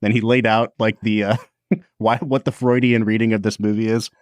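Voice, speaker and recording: A man's voice: fairly low pitch, flat delivery, normal speed, no echo. A man co-hosting a podcast in casual chat, laid-back and playful. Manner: laid-back, playful, reads review passages aloud. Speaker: podcast co-host.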